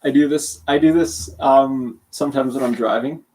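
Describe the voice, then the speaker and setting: A man's voice: mid-range voice, normal speed, mellow, slightly rough. A young man from Canada, chatting casually on a livestream, rambling and self-deprecating, with a sore throat and sounding sleepy. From Calgary, Canada. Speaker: streamer.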